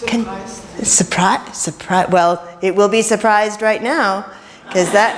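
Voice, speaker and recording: A woman minister leading an interactive sermon, chatty and playful with quick jokes, in a church. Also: medium pitch, steady tone. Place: church sanctuary. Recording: reverberant church hall.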